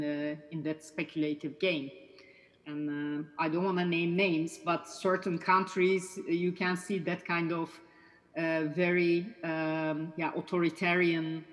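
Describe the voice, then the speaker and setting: A woman with a somewhat low voice answers questions after a keynote lecture, thinking aloud and pausing with fillers. A long reverb hangs on the sound. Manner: thoughtful, with fillers and restarts. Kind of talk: academic discussion answer.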